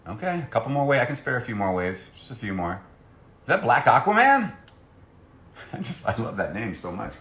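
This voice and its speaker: Man, low voice, bouncy swinging intonation, jokey live-stream chatter. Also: lively intonation, fairly quick, fairly bright tone, reverberant, a little hiss or hum. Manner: playful and jokey, reading fan messages aloud. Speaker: voice actor signing autographs on a live stream. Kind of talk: casual live-stream chat.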